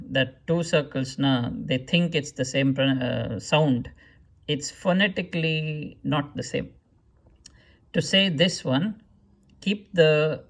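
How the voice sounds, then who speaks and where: Slow, gravelly man teaching scripts. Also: on the high side. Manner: slow, hesitant explaining with many fillers and restarts; sounds out syllables to demonstrate pronunciation. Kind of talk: explanatory lesson.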